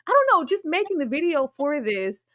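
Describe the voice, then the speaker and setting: A woman hosting a live movie-review stream, bubbly and quick to laugh, greeting viewers by name in casual chat. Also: high-pitched, sing-song, a bit bright, no room sound, clean studio sound.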